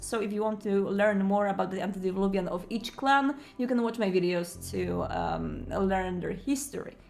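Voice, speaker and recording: A woman's voice: mid-range voice, vocal fry. A woman hosting a let's play, reading a visual novel aloud and chatting about its lore between passages.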